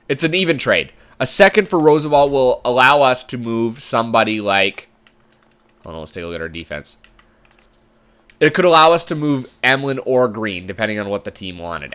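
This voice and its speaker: A man with a medium-pitched, slightly bright voice commentates casually while playing a sports management game. This gamer commentator thinks aloud in a chatty way.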